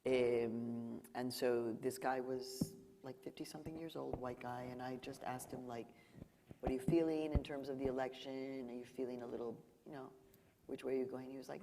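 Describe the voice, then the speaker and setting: In a library event hall, the featured speaker, a journalist from Mexico, tells stories at moderate pace in a bass voice during a live Q&A, acting out quoted dialogue with animation. The large hall carries a noisy background.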